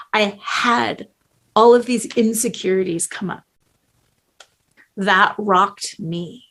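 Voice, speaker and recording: A middle-aged woman coach giving a slow, earnest motivational talk with strong emphasis. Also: fairly high pitch, fairly bright tone.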